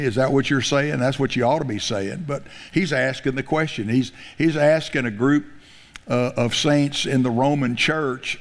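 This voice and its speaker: Male pastor, sermon, emphatic scripture reading, mid-pitched voice, long hall echo. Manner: reads scripture aloud slowly with emphasis, chuckles, restarts words. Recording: long reverb in a large hall.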